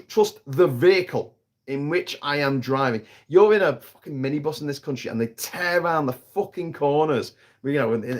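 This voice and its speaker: A British man hosting a casual live stream from an island, ranting in a heated, sweary way and often restarting his sentences. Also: a little high. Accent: British English. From Britain. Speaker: livestream host. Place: outdoors on an island by water.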